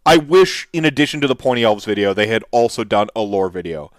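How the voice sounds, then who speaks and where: A man's voice: on the low side, animated, fairly quick, no echo. A man hosting a casual commentary show, talking enthusiastically and rambling through restarts and fillers. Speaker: host reacting to miniature reveals.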